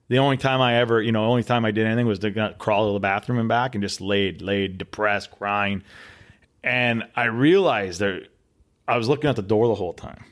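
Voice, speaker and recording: Male guest, low register, earnest storyteller who repeats words and pauses for weight. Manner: earnest, dramatic pauses and repetition. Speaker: podcast guest. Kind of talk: storytelling interview answer.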